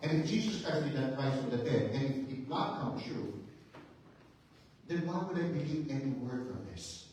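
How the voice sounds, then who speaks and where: Speaking at normal speed in an animated, mid-range voice with a darkish tone, a pastor delivers a sermon full of emphatic rhetorical questions that climb toward fervent intensity. He's recorded from afar in a very echoey church sanctuary, with a little background noise.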